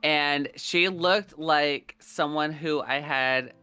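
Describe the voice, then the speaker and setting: A young man co-hosting a podcast, telling animated, profane stories in casual chat. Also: slow pace, smooth, soft background music. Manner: animated, swearing, acts out quoted people in a higher voice. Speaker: podcast co-host.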